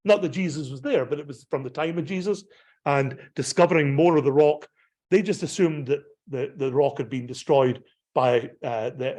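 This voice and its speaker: A man speaking as a pastor, presenting a travel talk to his congregation. His voice sits at an ordinary middle pitch. His delivery is conversational and meandering, full of fillers and quick self-corrections. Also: a little mellow.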